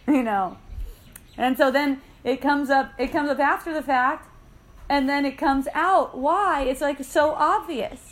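A woman's voice: sits high, a little slow. A woman leading an in-person spiritual dialogue, telling light anecdotes with frequent laughter and quoted voices. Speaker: spiritual teacher. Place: indoor gathering room.

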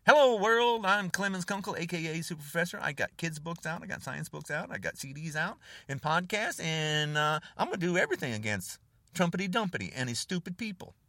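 An older American man rants furiously to camera, repeating short jabbing phrases. His pitch leaps all over the place and his voice is bright and forceful. The sound is dry and close. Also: animated, fairly quick, no echo, far from the mic. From United States. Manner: furious, repetitive, name-calling, jabbing phrases. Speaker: online video host. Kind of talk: angry political rant to camera.

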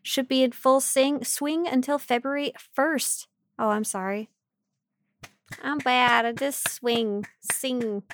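A woman's voice: sits high, steady tone, takes it slowly. A woman co-hosting a casual podcast, giggling and tripping over her words. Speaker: podcast co-host.

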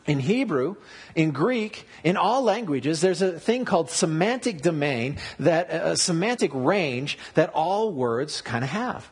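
A man preaching a sermon, explaining word meanings and telling stories in an animated way. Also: a little high, measured pace, husky. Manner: animated storytelling with wordplay and asides. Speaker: pastor.

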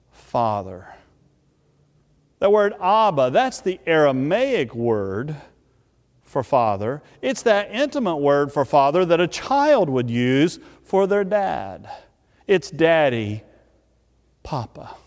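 Slow, lively-pitched male preacher in a hall. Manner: emphatic, repeating key words with drawn-out pauses. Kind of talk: sermon. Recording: long reverb of a large hall.

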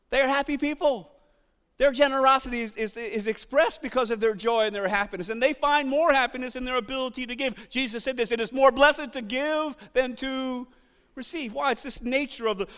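High-voiced man preaching in a hall. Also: clear, resonant tone. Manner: animated, acts out quotes, shouts for emphasis. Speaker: pastor. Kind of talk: sermon.

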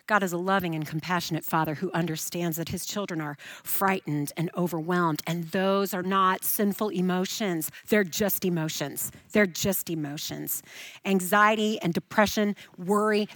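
Expressive woman preacher, dry close sound. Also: on the low side, normal speed, no room sound. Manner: expressive, swings from emphatic to soft and hushed. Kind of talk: sermon.

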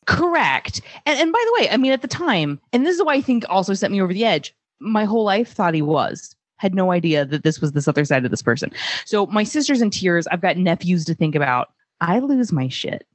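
A woman's voice: fairly low pitch, big pitch swings, a little fast, no echo. A young adult woman, a comedian guest telling bawdy stories in casual podcast chat, laughing often as she talks.

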